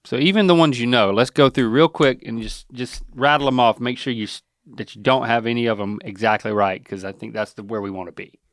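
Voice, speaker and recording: A man's voice: medium pitch, a little fast, dry recording, studio quality. A man hosting a casual chat in a playful, teasing, coaching manner. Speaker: podcast host, the son.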